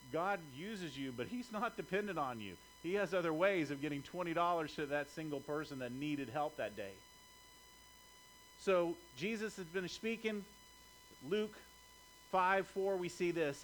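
A man's voice: on the high side, animated, normal speed, fairly bright tone, a little hiss or hum, low-quality recording. A middle-aged male pastor preaching a sermon in a conversational way, often checking in with his listeners.

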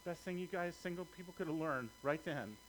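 A man's voice: a little high, animated, brisk, fairly bright tone, a little hiss or hum, rough recording. A middle-aged male pastor preaching a sermon in a conversational way, often checking in with his listeners.

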